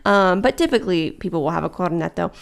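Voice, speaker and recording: A young woman co-hosting a casual chat, easygoing and quick to laugh. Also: on the low side, expressive, gravelly. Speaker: podcast co-host.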